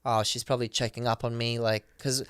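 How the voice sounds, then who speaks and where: Male podcast guest, animated storyteller, smooth and clean, close and dry. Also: medium pitch, dry recording. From Australia. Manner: acts out the voices of people he quotes; rapid, excited retelling with many fillers.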